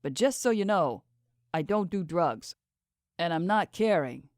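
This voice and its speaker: A man's voice: sits high, expressive, measured pace, dry recording, studio quality. A woman doing a breezy, teasing young man. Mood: easygoing. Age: 20s. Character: carefree young man, backpacking musician.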